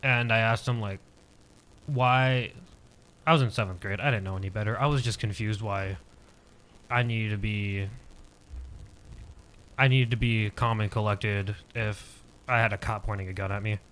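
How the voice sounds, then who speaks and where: Young male podcast guest, low voice, halting casual storyteller. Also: steady tone, a bit bright. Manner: hesitant storytelling, heavy use of "like" fillers.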